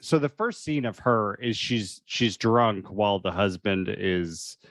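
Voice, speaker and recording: A man's voice: fairly low pitch, measured pace, a bit bright, no echo, studio quality. A young man co-hosting a podcast, chatting casually about a movie, laughing often and making wry remarks. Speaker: podcast co-host. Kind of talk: casual movie review chat.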